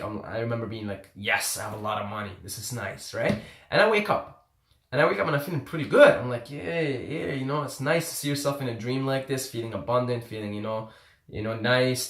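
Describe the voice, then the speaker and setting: A man's voice: mid-range voice, fairly bright tone. A man from Syria casually telling a story, laid-back and rambling with lots of fillers. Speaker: self-help vlogger. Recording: echoey room.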